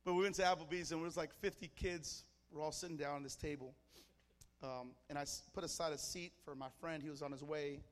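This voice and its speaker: During a church service, a Mexican man preaching a sermon speaks a little fast in a slightly high voice with fairly even intonation. Fervent, he tells stories to the congregation in short, punchy bursts, and the room leaves a long reverb tail.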